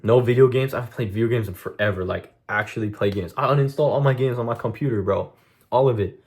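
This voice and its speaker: A young man talks fast in a mid-range voice as he streams to his chat, venting fiercely, bluntly and profanely about discipline and cutting things out in a casual monologue.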